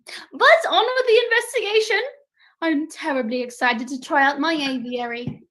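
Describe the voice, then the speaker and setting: A woman's voice: sits high, normal speed, fairly bright tone, rough recording. A woman playing a fussy, pompous male detective in a student stage play, speaking in prim, proper phrases. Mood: amused. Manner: prim, posh-sounding phrasing.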